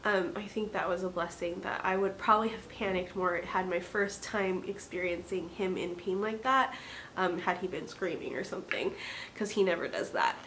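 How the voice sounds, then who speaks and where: A woman's voice: fairly low pitch, moderate pace, fairly bright tone, a little hiss or hum. A young woman, a stay-at-home mom, earnestly retelling a frightening family story in casual chat with many fillers. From Oregon.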